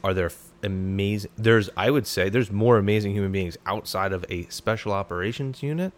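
A man's voice: lowish voice, fairly quick. A man, a former special operations soldier, talking as a podcast guest in a blunt, profane, fired-up way. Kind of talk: casual podcast conversation.

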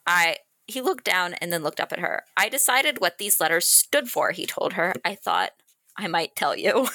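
A woman co-hosting a book podcast, chatting excitedly and reading a romance passage aloud. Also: on the low side, moderate pace, no echo. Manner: excitable, laughs easily. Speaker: podcast co-host.

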